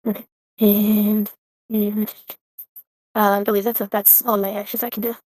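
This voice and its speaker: A woman with a medium-pitched, darkish voice speaks in a level tone at a measured pace, with no echo. Playing an online tabletop game over a call, she talks through her turn casually, hesitating a lot and using many fillers.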